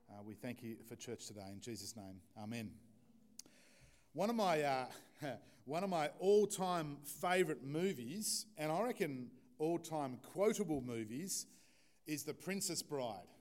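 A man preaching a relaxed, conversational sermon in church, joking with the congregation. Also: medium pitch. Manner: informal, chatty, joking with the congregation. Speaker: pastor.

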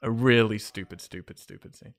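A man's voice: on the low side, a little fast, creaky. A man in a casual chat, sardonic and exasperated, swearing for emphasis. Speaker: podcast co-host.

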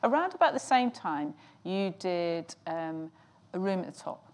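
A woman's voice: lowish voice, very animated, measured pace, darkish tone. A woman hosting an interview, asking the guest engaged, probing questions. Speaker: interview host.

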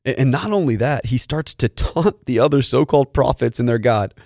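A man's voice: medium pitch, animated, brisk, vocal fry, darkish tone, dry recording, clean studio sound. A man preaching as a pastor, telling a story in earnest and often repeating words as he restarts. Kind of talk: sermon storytelling.

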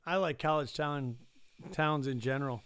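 A man's voice: on the high side, moderate pace, a bit bright, smooth, no echo. A man chatting casually in an easygoing, agreeable way. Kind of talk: casual chat.

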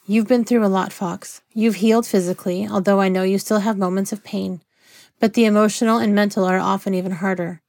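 A woman reading the part of a soft-spoken female counselor who speaks gently and patiently. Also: mid-range voice, fairly even intonation, a little fast, gravelly, dry recording, studio quality, lightly acted. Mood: gentle.

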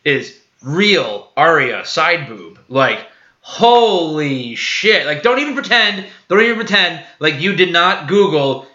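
Crude, joking man with a sharp voice. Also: fairly high pitch, big pitch swings. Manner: crude, joking banter with quick agreements. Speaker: podcast co-host. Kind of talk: casual TV recap chat. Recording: echoey lo-fi room.

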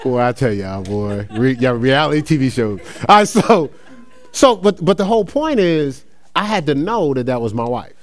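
His pitch is medium and his delivery sing-song, at an ordinary pace. The speaker, a middle-aged New Jersey man, preaches casually through personal anecdotes, laughing often and calling his listeners y'all.

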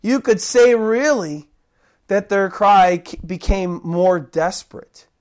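A preacher giving a sermon, talking conversationally and acting out loud, desperate cries for help. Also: mid-range voice, slow pace. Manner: dramatic, acts out the cries of those he preaches about; conversational, rambling restarts.

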